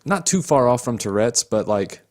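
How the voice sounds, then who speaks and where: A man's voice: medium pitch, expressive, normal speed, darkish tone. A young man co-hosting a casual true crime podcast, chiming in often with agreement and blunt opinions. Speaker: podcast co-host.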